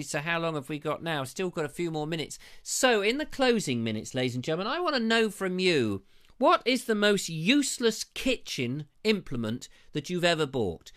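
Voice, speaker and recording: A man's voice: medium pitch, a bit bright. A man hosting a live online show on a lavalier mic, reading out viewer comments in a chatty, jokey way. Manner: chatty and jokey, reads comments aloud with quips.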